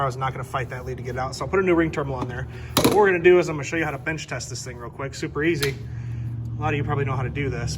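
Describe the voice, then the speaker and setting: In his garage workshop, a shop vlogger chats casually and upbeat while explaining car repairs in a how-to vlog. His voice is on the high side, and the background is noisy.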